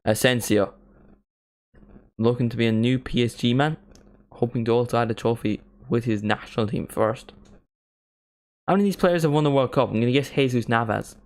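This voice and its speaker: A man with a mild Northern Irish accent hosts a live football watchalong. He talks in a casual, chatty way at a mid-range pitch and swears freely. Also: brisk, long pauses, a little mellow. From Northern Ireland. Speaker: watchalong host.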